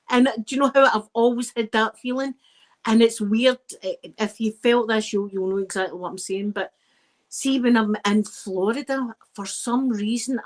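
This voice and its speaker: Talking to her live-stream audience, a woman from Scotland rambles cheerfully and keeps dropping in asides. She has a fairly high voice, captured on a rough recording.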